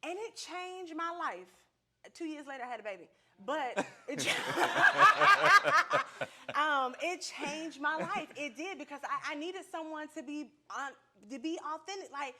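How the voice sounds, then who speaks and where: Woman, high voice, bright tone, profane, animated, laughing storyteller. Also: unhurried, a little hiss or hum. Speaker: podcast guest. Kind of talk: casual storytelling. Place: podcast studio with a live audience.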